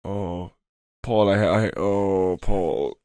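A man's voice: deep voice, extremely slow, a little mellow, dry recording, studio quality. A man playing a tabletop game who speaks in character in an anxious, stammering way. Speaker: player. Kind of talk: in-character tabletop role-play.

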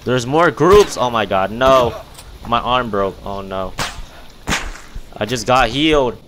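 A man's voice: medium pitch, animated, slow, a bit bright, a little hiss or hum. A young man giving casual, jumpy commentary while playing a game, often startled and calling everyone "bro". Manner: jumpy, easily startled, says "bro" constantly. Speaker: gaming youtuber.

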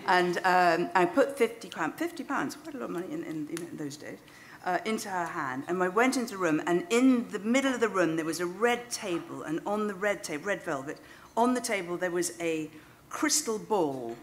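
A woman's voice: on the low side, animated, moderate pace, slight background noise. Wry woman telling a story. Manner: self-deprecating, wry, laughing at her own jokes. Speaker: speaker at a storytelling event. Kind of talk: anecdotal storytelling to a live audience. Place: stage before an audience.

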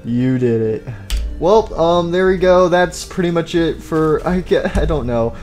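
Young male gaming host, mellow tone, rambling and jokey, mock-serious eulogies, light music behind. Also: fairly high pitch, lively intonation, unhurried. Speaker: gaming YouTuber. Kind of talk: gameplay commentary.

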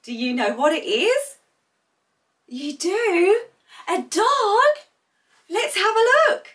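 A woman leading a toddler sing-along lesson in a bright sing-song voice with exaggerated cheering. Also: very high-pitched, big pitch swings, takes it slowly, recorded from a distance. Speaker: preschool teacher.

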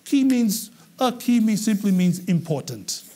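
A man from England teaches a public speaking class in a high voice. He is animated and keeps checking that the class follows along with quick questions. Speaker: English public speaking trainer.

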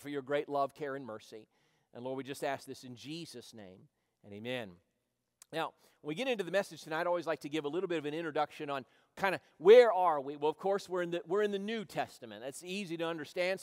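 A male pastor with a slightly high voice, reading Bible verses and explaining them line by line. He turns from loud, pressing questions to hushed prayer. His words ring out with the long reverb of a church hall. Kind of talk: evening Bible-teaching sermon. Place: church sanctuary.

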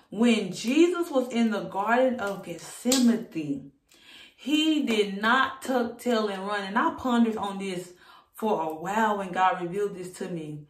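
A woman preacher giving a fervent sermon to camera, repeating her points and building excitement. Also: on the high side. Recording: roomy echo.

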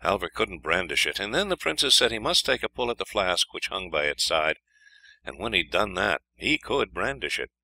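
Low, bright-voiced male storyteller. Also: normal speed, vocal fry, poor audio. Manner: expressive, lively storytelling. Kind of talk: scripted fairy-tale narration.

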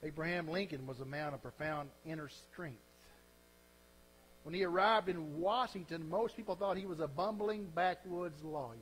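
Preacher guy, homespun stories, voice a bit on the high side, faint hum behind. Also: normal speed, fairly bright tone, low-quality recording. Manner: folksy storytelling, closing in earnest prayer. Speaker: pastor. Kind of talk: sermon.

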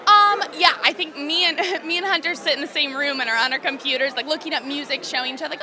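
A woman's voice: sits high, fast, few pauses. A young adult woman, an actress, chatting in a bubbly, giggly way with lots of fillers at an outdoor red carpet event. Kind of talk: casual red carpet chat. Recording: busy crowd noise outdoors.

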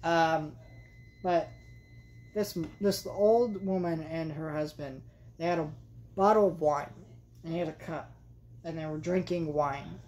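A woman's voice: low voice, unhurried, pauses often, darkish tone, a little hiss or hum. A young adult woman reviewing a film in a vlog, chatty and exasperated, with lots of fillers. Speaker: movie vlogger. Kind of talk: casual movie review rant.

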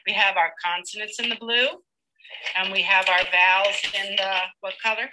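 A woman teacher leading a live demonstration lesson with a child, patient and encouraging, slowly sounding out words. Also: medium pitch, fairly even intonation, background noise.

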